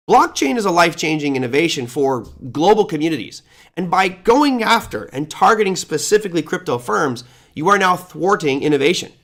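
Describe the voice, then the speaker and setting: A man hosts a live finance show with pointed, sarcastic commentary. His voice sits a bit high, and he leans hard on key words while working through his notes. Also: fairly bright tone. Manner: sarcastic, emphatic, reads along from notes. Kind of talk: opinionated market commentary.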